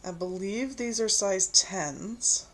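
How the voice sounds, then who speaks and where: Woman hosting a home sewing stream, mid pitch; chatty and scattered, laughing at her own lost thread, reading comments aloud. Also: takes it slowly, fairly bright tone. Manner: chatty and easily distracted, laughing at herself; reads viewer comments aloud. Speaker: quilting livestream host. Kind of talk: casual chat while hand-sewing.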